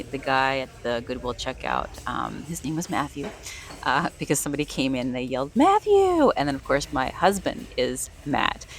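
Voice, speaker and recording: A woman vlogging while thrifting in a store, chatting casually and enthusiastically about her finds. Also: low voice. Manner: chatty, enthusiastic, rambling asides. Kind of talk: casual vlog narration.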